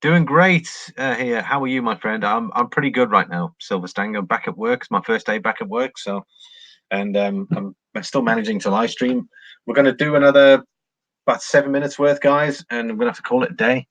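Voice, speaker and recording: A man's voice: mid-range voice, brisk, fairly bright tone, dry recording. A man hosting a casual livestream, rambling as he reads viewer comments and talks through price charts. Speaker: livestream host reading charts.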